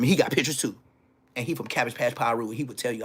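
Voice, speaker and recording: A man telling profane, animated stories from his school days on a casual livestream, laughing as he goes. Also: medium pitch, fast talker, breathy edge. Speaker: livestream host. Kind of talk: casual storytelling.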